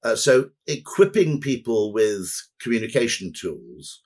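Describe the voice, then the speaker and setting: A man's voice: mid-range voice, very animated, measured pace. A man as a podcast guest, talking in a rambling, anecdotal way with dry asides. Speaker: guest, advertising executive. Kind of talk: conversational podcast interview.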